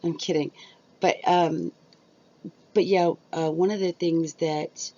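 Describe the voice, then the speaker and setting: A woman's voice: sits low, fairly even intonation, slow pace, dark tone. A middle-aged woman chatting casually to her viewers from home, rambling with lots of fillers, recorded on a cheap mic. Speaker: YouTuber. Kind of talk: casual chat to camera. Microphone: cheap built-in camera mic. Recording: dull lo-fi sound.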